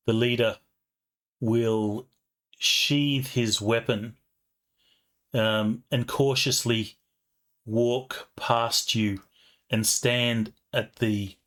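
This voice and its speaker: A man narrating a tabletop game as game master, slow and halting with many fillers. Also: mid-range voice, fairly even intonation, fairly bright tone.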